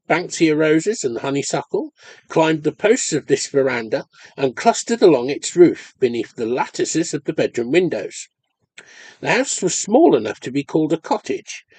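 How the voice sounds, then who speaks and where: A man reading a ghost story aloud as an audiobook in expressive, measured storytelling. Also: fairly high pitch, no echo. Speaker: audiobook reader. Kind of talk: scripted narration of a ghost story.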